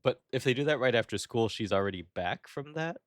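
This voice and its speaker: A man co-hosting a podcast, chatting casually and reacting with quick agreement. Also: medium pitch, lively intonation, dry recording. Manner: reactive, frequent short agreements and laughter. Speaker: podcast co-host. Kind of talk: casual chat.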